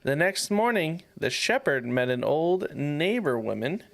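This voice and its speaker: A man's voice: a little high, sing-song, unhurried, gravelly. A man co-hosting a podcast, reading a folk tale aloud and breaking off playfully to joke. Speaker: podcast co-host.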